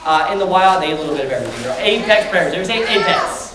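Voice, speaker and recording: Rapid-fire and expressive, this mid-range voice belongs to an animal trainer entertaining a library crowd of children, calling out and tossing questions their way. Captured from afar in a large, reverberant hall, the audio carries plenty of audience noise.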